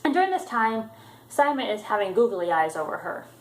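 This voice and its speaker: A woman's voice: a little high, big pitch swings, brisk, reverberant, low-quality recording. A woman casually retelling a book chapter in her own words, with frequent ums and restarts. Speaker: book vlogger.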